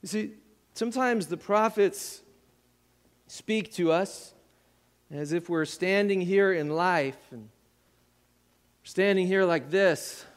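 A man with a high voice delivers a sermon at an unhurried pace. He is earnest, rising into impassioned appeals and sinking to near whispers. His voice rings with the long reverb of a large church hall. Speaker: pastor.

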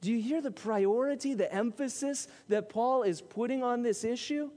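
A man's voice: very high voice, moderate pace, dark tone. A pastor preaching a sermon to his church, emphatic and full of rhetorical questions. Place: church sanctuary. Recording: long hall reverb.

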